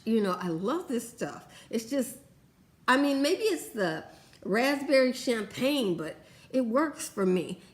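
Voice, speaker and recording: Gushing, chatty woman vlogger. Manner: chatty and gushing, lively swings in pitch. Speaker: beauty vlogger. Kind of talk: casual product review chat.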